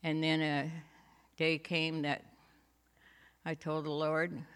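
Slow-talking woman in a reverberant hall. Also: deep voice, monotone, clear, resonant tone. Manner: slow, homey storytelling with laughs and asides. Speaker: church speaker giving a testimony. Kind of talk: personal faith testimony.

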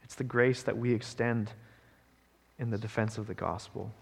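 A man's voice: fairly low pitch, fairly even intonation, normal speed, vocal fry, slightly rough, in a large hall. A man pastor preaching a sermon in a conversational way, often checking in with the congregation. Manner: conversational preaching, frequent "right?" asides.

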